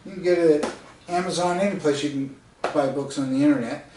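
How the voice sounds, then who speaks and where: A man from the United States spins a casual anecdote with laughs and asides. His voice sits a little high. He sounds set back from the mic in a roomy, echoing space. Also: brisk, distant mic, background noise. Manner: chatty, laughing often, with fillers and asides. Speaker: storyteller and author.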